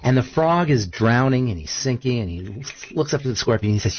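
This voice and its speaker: A man co-hosting a radio talk show, an emphatic and animated storyteller. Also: mid-range voice, a little fast, few pauses, husky, dull audio. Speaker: co-host.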